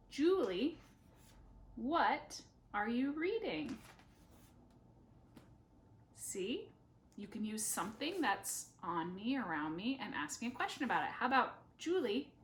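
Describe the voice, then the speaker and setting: A young woman speech therapist at home, modeling practice questions slowly and deliberately with playful, self-teasing asides. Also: mid-range voice, very animated, a bit bright. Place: home living room.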